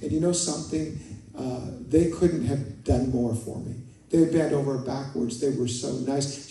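Heard from a distance in a reverberant church hall, this man speaks in a mellow, mid-range voice. He is a pastor in the sanctuary giving a chatty, story-driven sermon, addressing his congregation directly and building to impassioned prayer.

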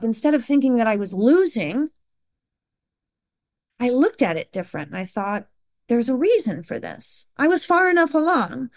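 A woman's voice: high-pitched, a little mellow. A woman in her forties, a podcast guest, telling a personal story in an earnest, emphatic way and acting out the lines of others. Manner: earnest and emphatic, with quoted dialogue. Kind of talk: conversational storytelling.

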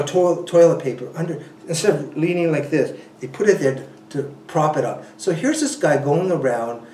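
A man's voice: fairly high pitch, slight background noise. A man being interviewed about ultrarunning, telling stories casually with frequent laughs and restarts. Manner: animated, laughing often, many restarts and you-knows. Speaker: ultrarunner guest. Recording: roomy, a bit distant from the mic.

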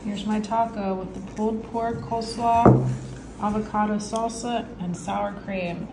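A woman's voice: medium pitch, steady tone, unhurried. A woman in her thirties vlogging with her family, chatting to the camera and encouraging her children, outdoors on a trail and then in a kitchen. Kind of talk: casual vlog narration and chat with kids. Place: outdoors on a jungle path, then a home kitchen. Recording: handheld vlog audio with noticeable background noise.

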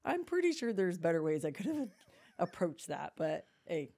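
A middle-aged woman hosts a podcast and tells family stories in a casual chat. Her voice is warm and mellow and sits a little low. She acts out the other people in her quotes. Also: big pitch swings, moderate pace. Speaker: podcast host.

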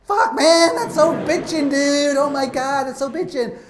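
A man's voice: high voice, lively intonation, a little fast, voice pushed up. A man voicing a laid-back male climber dude who drawls in surfer slang and swears. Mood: stoked. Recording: roomy theatre sound.

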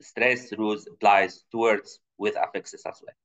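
A conference presenter who grew up speaking Tunisian Arabic, with English as a non-native language, explains his slides in a steady, moderately paced, somewhat bright voice. His academic talk is full of fillers and restarts, and the recording is muffled and low-fidelity.

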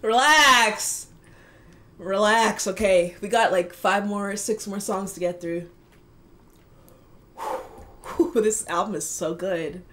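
A young woman chatting casually and excitedly as she reacts to an album at home. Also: mid-range voice, takes it slowly, long pauses, a little hiss or hum. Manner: excitable, squealing, laughing. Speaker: music reaction YouTuber.

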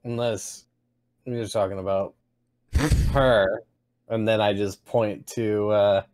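A man playing a tabletop game, speaking hesitantly and halting with many fillers. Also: on the low side, little pitch movement, darkish tone. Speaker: player. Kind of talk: tabletop game play, casual.

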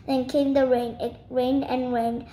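A woman's voice: high-pitched, level tone, a little slow, warm tone. A woman reading a children's storybook aloud, carefully, with small slips now and then. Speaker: reader. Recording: echoey room, faint noise.

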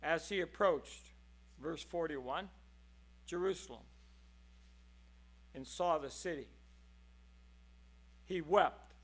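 A man with a high, bright, ringing voice preaching a sermon in a church. He is impassioned, dropping to a hush and then rising to loud cries. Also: slow pace, long pauses. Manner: impassioned, swings between hushed and loud.

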